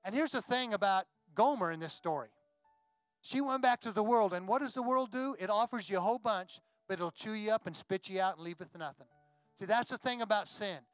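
Man, pastor, sermon, storytelling, high voice, dry recording, faint music. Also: clean tone, no echo. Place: church.

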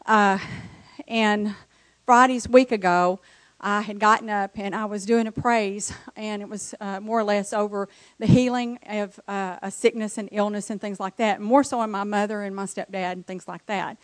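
A woman's voice: medium pitch, steady tone, normal speed, no echo. A woman from the congregation telling an emotional personal testimony. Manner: emotional, storytelling. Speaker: church member giving testimony.

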